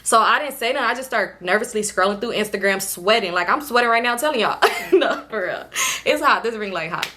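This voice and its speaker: A young woman vlogger casually telling viewers a storytime, animated and slangy, indoors at home under a ring light. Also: on the high side, a little fast.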